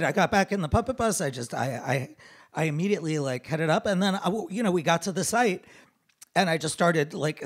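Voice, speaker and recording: A man telling a funny personal story on a theater stage, animated and self-deprecating, into a stage microphone. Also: high voice, breathy edge. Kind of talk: live comic storytelling.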